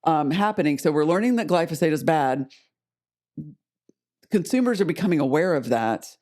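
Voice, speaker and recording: A man's voice: fairly high pitch, expressive, moderate pace, darkish tone. A man co-hosting a podcast in casual conversation, asking puzzled questions. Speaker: podcast co-host.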